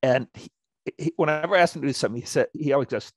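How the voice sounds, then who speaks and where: A man's voice: medium pitch, very fast, breathy edge, no echo. Middle-aged man with dry, close sound. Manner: dry, self-deprecating humor. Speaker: seminary professor, podcast co-host. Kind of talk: casual discussion of scripture. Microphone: video call.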